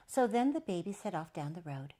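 A woman storyteller reading a children's picture book aloud. Her voice rises and falls in a lively, sing-song way. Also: lowish voice, fairly quick.

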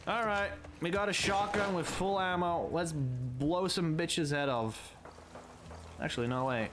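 At a measured pace and medium pitch, a gamer narrates a let's play with casual, playful commentary, cursing plenty and mocking the enemies on screen. Background noise and game audio sit behind the voice.

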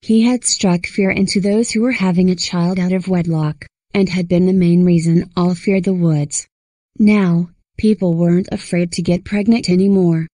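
A woman narrating a scripted horror story in a steady storyteller's reading. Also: fairly low pitch, moderate pace, no room sound, rough recording.

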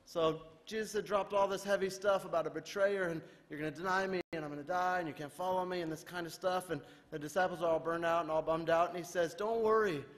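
A male pastor preaching a sermon in a relaxed, conversational way, retelling scripture in everyday modern speech. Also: on the high side, fast talker, hardly any pauses. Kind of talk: casual sermon. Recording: reverberant church hall.

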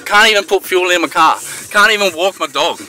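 A man's voice: high voice, brisk, sharp tone, a little hiss or hum. A young Australian man filming on his phone outdoors, ranting in exasperation with heavy swearing. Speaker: bystander filming. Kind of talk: angry phone-video rant. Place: outdoors at a service station. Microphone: phone camera.

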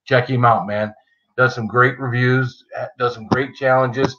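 Guy hosting a live stream, bright voice, reading off names, kinda lo-fi audio. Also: medium pitch, steady tone, a little slow. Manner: chatty, greets viewers by name, jokey. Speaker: livestream host. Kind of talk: casual live-chat greetings.

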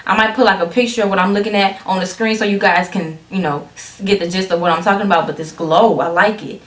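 A woman talking casually and excitedly to her viewers as she reacts to a music video, often restarting her sentences. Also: mid-range voice, quick pace. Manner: excitable, talks straight to viewers, frequent restarts. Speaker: reaction vlogger. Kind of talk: casual chatty video commentary. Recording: echoey room.

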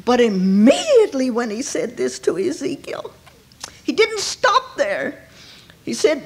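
Woman preacher, high voice with wide swoops, unhurried delivery, moving from hush to loud cries in church. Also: wildly swooping pitch, breathy edge. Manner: dramatic, swinging from hushed near-whispers to ringing cries. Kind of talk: emotional sermon.

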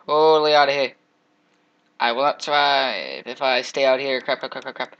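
Young man, gameplay commentary, bright tense voice, jokey, trash-talking, sudden yelps. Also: medium pitch, fairly even intonation, fast, rough recording. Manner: jokey, trash-talks monsters, sudden loud outbursts.

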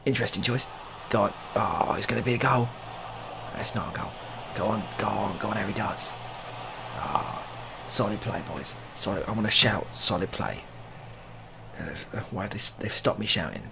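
A young man with a low, gravelly voice calls out over a football game he is playing, cheering and grumbling as it unfolds. A faint hiss of room noise sits underneath. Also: fairly quick. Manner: excitable, cheering on the players. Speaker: gaming YouTuber. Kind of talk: live game commentary.

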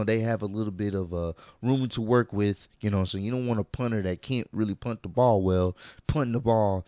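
A man's voice: on the low side, no room sound. A man hosting a reaction video, chatting casually and laughing as he comments on a clip. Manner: laughing, animated, slangy; talks over a played clip.

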